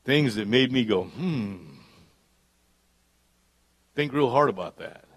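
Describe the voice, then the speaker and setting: A pastor preaching a live church sermon, dropping to hushed asides and climbing to loud, emphatic peaks. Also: male voice, mid-range voice, expressive, takes it slowly, husky. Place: church service.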